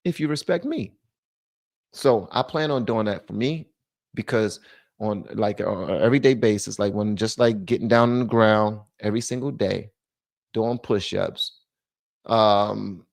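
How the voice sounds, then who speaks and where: Gravelly man ranting on a livestream. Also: measured pace, dry recording, studio quality. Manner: animated, switches between loud rants and low muttering. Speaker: livestream host. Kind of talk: casual political commentary livestream.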